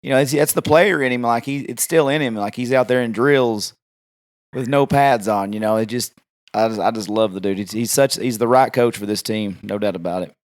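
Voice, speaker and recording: A man's voice: medium pitch, brisk. Chatty male podcast host. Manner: chatty, enthusiastic fan talk. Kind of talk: casual podcast interview.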